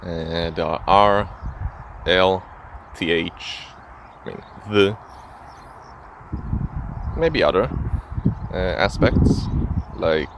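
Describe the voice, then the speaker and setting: A young man from Israel, a native Hebrew speaker with an Israeli accent leaning American, talking in a halting, thoughtful way in a casual vlog recorded outdoors. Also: deep voice, lively intonation, creaky, poor audio. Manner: halting, thoughtful, many pauses. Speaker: vlogger. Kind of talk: casual reflective monologue. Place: outdoors near a street. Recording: outdoor street noise.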